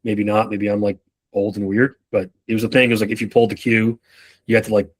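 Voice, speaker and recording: A man's voice: on the low side, flat delivery. Profane, casual male sales trainer. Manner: loose and profane, acts out customers and reps in quick bits.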